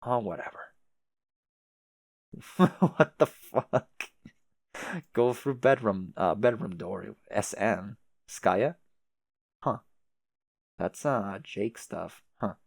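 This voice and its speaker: A man's voice: lowish voice, slow pace, vocal fry, no room sound. A man reading a webcomic aloud in a casual way, with swearing asides and laughs. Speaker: webcomic reader. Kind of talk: casual read-aloud with reactions.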